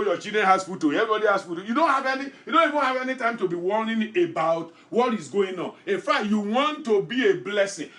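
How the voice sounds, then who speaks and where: Male pastor, fairly high voice, fervent repetitive sermon and prayer delivery. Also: echoey room. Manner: fervent, repetitive preaching, rising to shouted prayer; reads scripture aloud with comments.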